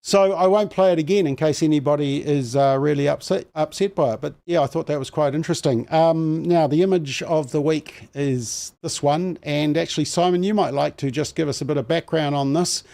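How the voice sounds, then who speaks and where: A man's voice: on the high side, a little fast, vocal fry, few pauses, dark tone. A man hosting a panel show, chatty and self-mocking, with lots of fillers. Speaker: host.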